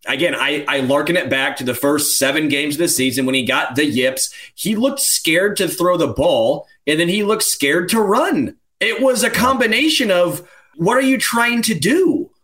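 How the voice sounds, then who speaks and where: Man, podcast co-host, slightly high voice, incredulous, thinks out loud. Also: animated, normal speed. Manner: incredulous, searching aloud for reasons. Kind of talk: casual sports podcast discussion.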